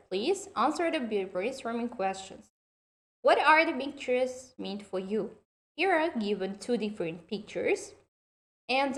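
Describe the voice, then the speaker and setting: A woman giving an online university lecture, speaking slowly and deliberately and addressing her students directly. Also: a little high.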